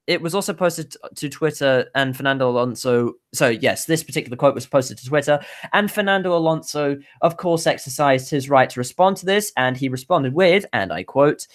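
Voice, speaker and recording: A woman's voice: extremely low pitch, lively intonation, a little fast, hardly any pauses. A woman co-hosting a casual motorsport news podcast, bubbly and rambling, often restarting her sentences. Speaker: podcast co-host presenting news.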